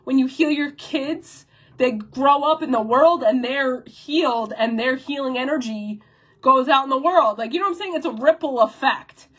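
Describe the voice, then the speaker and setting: A young woman, rambling on camera in a blunt, profane, animated way. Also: high voice, moderate pace. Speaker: vlogger. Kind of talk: casual rambling vlog.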